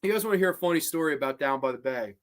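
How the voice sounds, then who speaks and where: A man hosting a horror review show, chatting casually on a livestream and answering viewer comments in an excitable, profane, rambling way. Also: fairly high pitch, very fast.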